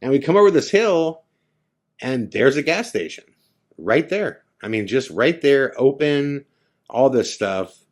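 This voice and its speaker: In an expressive, unhurried voice, a podcast host shares a personal story in a casual way, voicing his friends' lines in quoted dialogue. He lowers to a hushed tone whenever things turn eerie.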